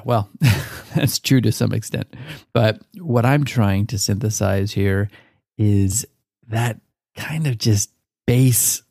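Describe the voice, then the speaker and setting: A man's voice: on the low side, vocal fry, darkish tone, dry recording, studio quality. A man hosting his own podcast, talking in a loose, chatty rant and swearing freely. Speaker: podcast host. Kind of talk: casual solo podcast rant.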